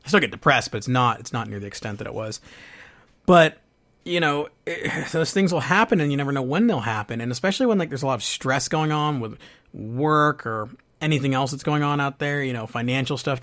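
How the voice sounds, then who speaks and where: A man hosting a podcast, speaking earnestly and haltingly about his own grief and hurt, with frequent restarts. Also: medium pitch, fairly bright tone. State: going through a divorce, sad. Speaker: podcast host. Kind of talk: personal reflective monologue.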